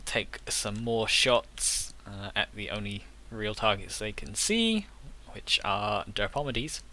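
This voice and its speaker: A man's voice: on the low side, animated, slow, pushed and bright. A man narrating as game master of a tabletop game, loose and hesitant with plenty of uh and casual swearing.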